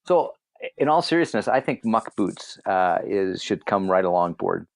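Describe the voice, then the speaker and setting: A man's voice: deep voice, expressive, normal speed, vocal fry, no room sound. A man co-hosting a casual podcast, joking around and laughing often with his friends. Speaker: podcast co-host. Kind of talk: casual banter among friends.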